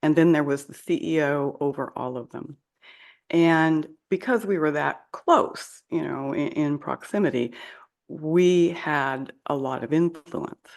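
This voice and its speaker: An older woman, a leadership coach, telling her career story in a measured conversational way. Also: sits low, creaky, darkish tone. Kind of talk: conversational interview.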